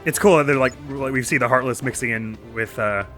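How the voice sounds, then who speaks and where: A man's voice: mid-range voice, fairly quick, a bit bright, soft background music. A man hosting a let's play, chatting playfully over the game and making goofy sound effects. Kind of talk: gameplay commentary.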